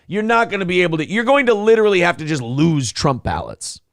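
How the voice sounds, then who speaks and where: A man's voice: high-pitched, big pitch swings, quick pace, dry recording, studio quality. Blunt, profane man co-hosting. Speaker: morning show co-host. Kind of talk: casual political talk show, reading chat comments.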